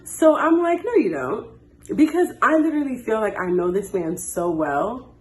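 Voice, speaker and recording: A woman in her twenties telling a dating story in a casual, animated way and acting out the dialogue. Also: on the high side, moderate pace, a little hiss or hum. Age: 20s. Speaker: storytime host. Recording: echoey room.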